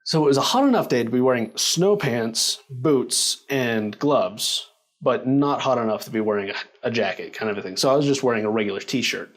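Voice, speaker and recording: A man casually telling a personal story, animated and full of fillers, laughing along as he goes. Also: medium pitch, brisk. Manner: animated, acts out quoted lines, filler-heavy.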